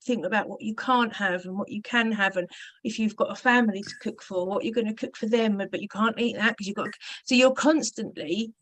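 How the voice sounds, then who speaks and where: A woman's voice: medium pitch, a little fast, fairly bright tone, low-quality recording. A woman hosting a casual interview, chatty and thinking aloud with tag questions. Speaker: interview host.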